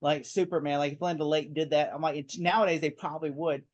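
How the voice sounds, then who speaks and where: A man co-hosting a casual podcast chat, animated and rambling, often laughing and restarting his sentences. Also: on the high side, fast, no echo, highs cut off. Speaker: podcast co-host.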